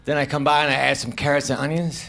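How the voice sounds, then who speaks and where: A male stand-up comedian delivering one-liners on stage in a halting, deadpan way with self-deprecating asides. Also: fairly high pitch, gravelly. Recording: noisy live show recording.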